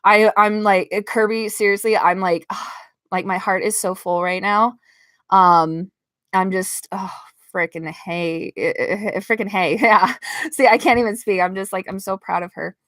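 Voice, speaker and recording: A woman's voice: medium pitch, steady tone, unhurried, fairly bright tone, dry recording, clean studio sound. A woman in her thirties chatting casually with viewers on a home livestream, emotional and gushing, laughing often and choking up with pride. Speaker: livestreaming vlogger, parent. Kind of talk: casual live-stream chat with viewers.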